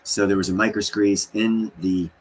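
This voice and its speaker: A man's voice: on the low side, flat delivery, normal speed, slight background noise, low-quality recording. A man hosting a livestream from an unfinished basement, rambling with many fillers. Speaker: livestream host. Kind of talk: casual livestream talk.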